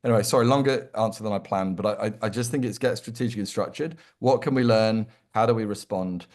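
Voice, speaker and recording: A man, a consultant guest in an interview, answering at length in a lively, emphatic way and acting out quoted lines. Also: fairly low pitch, fast. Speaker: employer brand consultant, guest.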